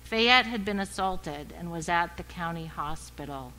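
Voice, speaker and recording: A woman pastor giving a sermon, telling a story in a measured, reflective way. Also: fairly low pitch, expressive, pushed and bright, slight background noise, rough recording.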